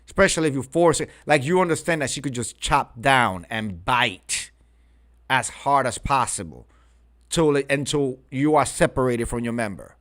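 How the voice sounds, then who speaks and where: A man's voice: mid-range voice, animated, moderate pace, a bit bright. A man hosting a reaction commentary, mocking and crude in his remarks. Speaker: commentary host.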